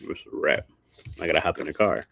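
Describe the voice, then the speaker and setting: A man's voice: very deep voice, expressive, fast talker, vocal fry, a bit bright, slight background noise. A man hosting a livestream, chatting casually with viewers, rambling and slangy, laughing a lot. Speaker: livestream host.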